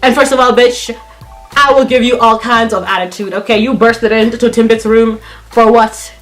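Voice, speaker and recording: A woman telling a storytime vlog, blunt, profane and animated. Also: fairly high pitch, normal speed, music in the background. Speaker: vlogger.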